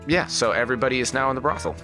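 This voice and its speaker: A man's voice: mid-range voice, racing, music in the background. A man narrating as game master of a tabletop game, rambling with fillers.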